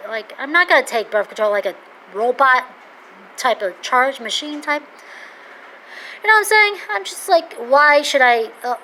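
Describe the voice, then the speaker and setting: A woman in her thirties talking in a casual, rambling monologue, excitable and jumping between topics. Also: slight background noise, low-quality recording. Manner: excitable, rambling, jumps to loud high-pitched outbursts. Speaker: vlogger.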